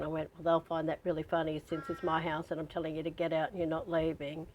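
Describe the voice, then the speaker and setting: A woman's voice: deep voice, little pitch movement, quick pace, few pauses, darkish tone, a little hiss or hum, low-quality recording. A woman leading a spiritual training session, telling personal stories and guiding listeners to breathe. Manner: candid, chatty storytelling with breathing prompts. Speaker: spiritual teacher. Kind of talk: guided spiritual training talk.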